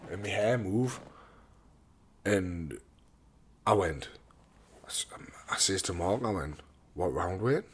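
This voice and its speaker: A man's voice: low-pitched, expressive, slow pace, pauses often, husky. A young man, a professional boxer, telling his story in an interview, blunt and swearing, repeating words and acting out what others said.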